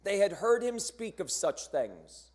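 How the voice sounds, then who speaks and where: A man narrating a church cantata in a measured, solemn storytelling manner, posing rhetorical questions as he goes. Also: high voice, big pitch swings. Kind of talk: scripted dramatic narration. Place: church sanctuary during a choir performance.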